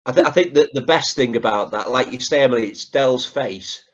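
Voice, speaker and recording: A man's voice: medium pitch, fairly quick. Chatty man on a dull lo-fi call. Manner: chatty, asks for agreement, retells scenes. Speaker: podcast co-host. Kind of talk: casual chat.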